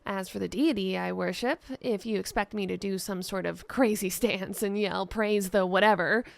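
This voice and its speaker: A woman's voice: mid-range voice, steady tone, normal speed, creaky, close to an everyday voice. A woman voicing a theatrical male jester and priest who talks in playful, rambling banter. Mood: teasing.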